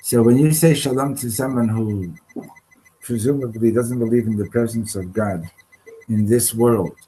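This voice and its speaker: A man leading an informal Torah class, halting and restarting often, slipping Hebrew terms into his English. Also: medium pitch, mellow, husky, poor audio. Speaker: Torah teacher. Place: study hall classroom.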